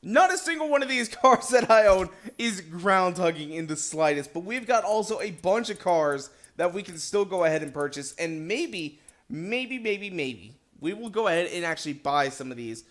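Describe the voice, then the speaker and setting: A young man hosting a racing game let's play, chatting casually and excitably, jumping between loud outbursts and quiet asides. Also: high voice, moderate pace. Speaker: gaming video host.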